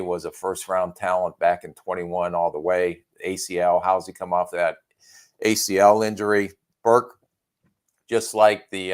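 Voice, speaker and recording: A man co-hosting a podcast, giving plainspoken views with dry humor. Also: sits low. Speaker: podcast co-host, former NFL executive. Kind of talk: casual sports chat.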